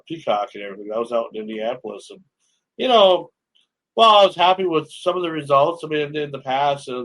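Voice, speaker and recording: A man's voice: medium pitch, a bit bright, low-quality recording. A man hosting a casual radio interview, chatty and loose, full of fillers. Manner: chatty, lots of fillers, laughs along. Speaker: radio show host.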